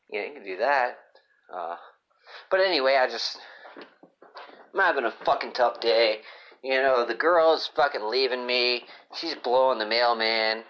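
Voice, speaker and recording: Expressive and a little slow, with long pauses, this man's mid-range voice has a fairly bright tone. He's a podcast host giving a moody, profane, rambling comedic monologue, recorded through a dull lo-fi phone app.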